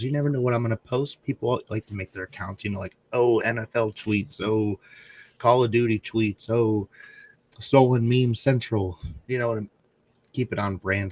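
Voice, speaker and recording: Joking podcast guest, man, husky lowish voice, dry sound. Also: no room sound. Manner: joking, self-mocking. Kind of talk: casual chat.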